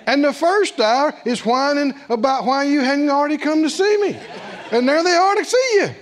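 A male preacher delivering a sermon in an animated way, chuckling often and stretching words for emphasis. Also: very high voice, moderate pace.

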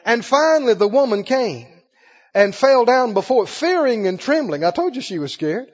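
High-voiced preacher in an echoing hall. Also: male voice, sing-song. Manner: preaching with call-and-response, dramatic pauses and acted quotes. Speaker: pastor. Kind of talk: sermon. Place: church service with a congregation. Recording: lo-fi broadcast with long hall reverb.

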